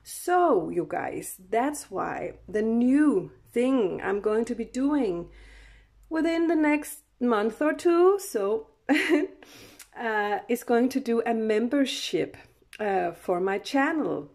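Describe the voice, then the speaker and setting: A woman's voice: a little high, expressive, slow, a little mellow. A woman talks through a tarot reading in an easy, chatty way, laughing often and stopping to restart her sentences. She speaks unhurriedly, letting words stretch out, and sounds close to a camera mic. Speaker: tarot card reader.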